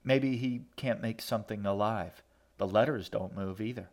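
A man's voice: fairly low pitch, normal speed, darkish tone, lightly acted. A man voicing a grudging, defensive young boy in audiobook narration.

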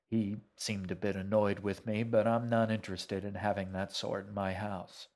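A man's voice: fairly low pitch, level tone, moderate pace, a little mellow, natural voice. A man voicing a shaggy, wry man who talks in matter-of-fact grunts. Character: shaggy, wry older man, gruff but kindly.

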